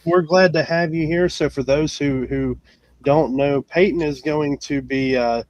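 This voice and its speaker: A man's voice: a little high, measured pace, a little mellow, dry recording. Filler-heavy male podcast host, dry sound. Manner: hesitant, many fillers and restarts. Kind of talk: casual live show hosting.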